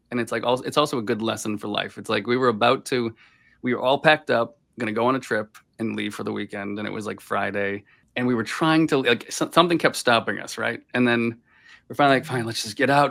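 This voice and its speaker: A Boston-born voice actor, appearing as a guest in a casual video-call interview, tells rambling anecdotes full of the filler "like." His mid-range voice is gravelly with a fairly bright tone.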